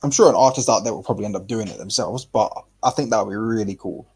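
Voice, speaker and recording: A man co-hosting a casual podcast chat, rambling and animated, swearing freely and restarting his sentences often. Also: on the low side, fast talker, breathy edge. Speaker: podcast co-host.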